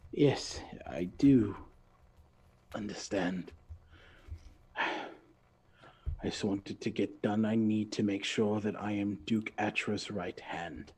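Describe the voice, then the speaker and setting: A man's voice: lowish voice, unhurried, a little mellow, breathy edge. A man voicing an ambitious male noble schemer who blusters when confident and stammers when frightened. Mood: resolute.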